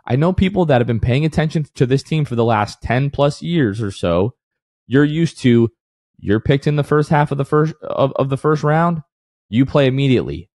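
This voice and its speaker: A man's voice: medium pitch, animated, normal speed, darkish tone, dry recording, clean studio sound. A man co-hosting a casual sports podcast who rants with heat, then apologizes for it half in jest. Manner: heated, ranting, then mock apologetic. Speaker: podcast co-host.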